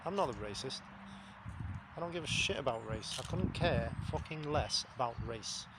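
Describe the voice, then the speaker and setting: A man's voice: mid-range voice, lively intonation, moderate pace, heavy background noise. A man, talking to camera in a blunt, rambling, sweary monologue. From England. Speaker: vlogger. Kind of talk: casual spoken monologue.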